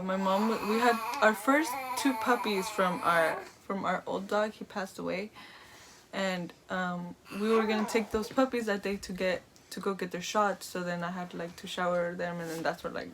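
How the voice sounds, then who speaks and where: A woman's voice: medium pitch, noisy background. A young woman vlogger casually telling a personal story, rambling with lots of "like" and "um". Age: young adult. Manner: rambling, full of "like" and "um".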